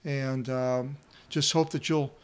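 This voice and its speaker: A man teaching a Bible study lesson, reading Greek aloud and translating it with many pauses and fillers. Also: medium pitch, steady tone, clean tone.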